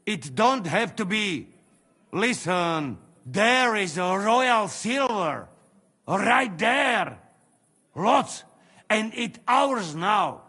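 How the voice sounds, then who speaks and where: An actor playing a crude, wheedling mercenary who speaks broken English with a Slovak accent. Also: male voice, high-pitched, lively intonation, drawn-out words, bright, forceful tone, slightly rough, big-room sound, full character voice. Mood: bargaining. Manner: broken English, coaxing, haggling.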